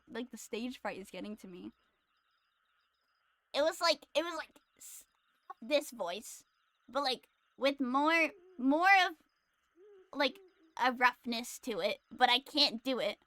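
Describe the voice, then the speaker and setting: A woman's voice: high-pitched, fairly bright tone, no room sound. A woman streaming a game, chatting casually in a giggly, self-deprecating, rambling way into her streaming mic. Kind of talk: casual livestream commentary.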